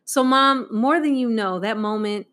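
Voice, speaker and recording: A woman's voice: a little high, measured pace, a bit bright. Middle-aged lady telling a heartfelt mom story, laughs a lot, acts out what people said. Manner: candid, laughing often, acting out quoted voices. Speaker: guest sharing a Mother's Day tribute.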